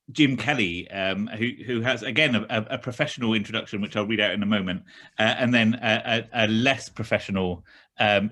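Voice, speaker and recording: Male host, low voice, halting delivery full of ums, on a video call. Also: bright, forceful tone. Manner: halting, many fillers and repeated words. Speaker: event host. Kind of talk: hesitant casual introduction.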